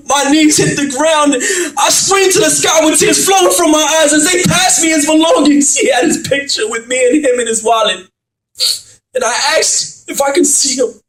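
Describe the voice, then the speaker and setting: A man performing dramatic spoken word poetry, rhyming and building up to shouts. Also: extremely high pitch. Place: church. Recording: echoey room, far from mic.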